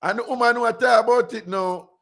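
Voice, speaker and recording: Gravelly Jamaican radio host. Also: male voice, very high-pitched, a little fast. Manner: animated, rambling patois storytelling with many "you know"s. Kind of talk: casual talk-radio storytelling.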